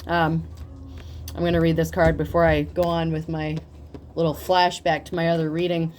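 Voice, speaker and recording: A woman giving a casual tarot reading, talking in a profane, animated way and laughing often. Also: sits low, moderate pace, slight background noise. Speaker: tarot reader.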